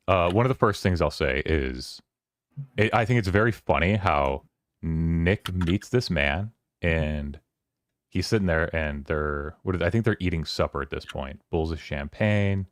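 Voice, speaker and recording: Deep-voiced man chatting about a book. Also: dry recording, studio quality. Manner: rambling, paraphrases scenes in quick bursts. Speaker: book club host. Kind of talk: casual book discussion on stream.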